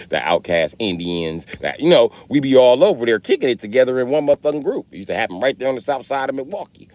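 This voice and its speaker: Deep-voiced man rambling to his live chat. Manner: rambling, profane, talks straight to chat. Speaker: livestreamer. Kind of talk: casual live-stream chat.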